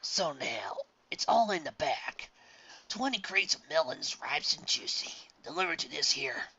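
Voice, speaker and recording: A man voicing a frail ancient male orangutan who talks in a breathy, whispery rasp, slow and short of breath, on a dull lo-fi recording. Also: on the high side, sharp tone, a little hiss or hum, voice pushed up. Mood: wheezy.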